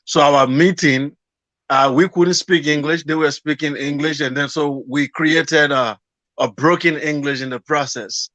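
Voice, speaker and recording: A man's voice: on the high side, fairly even intonation, measured pace, a bit bright, no room sound. A man from Liberia with a Liberian accent, a guest on a video call who talks emphatically and repeats his points for force. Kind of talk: casual video-call conversation. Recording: dull lo-fi video call audio.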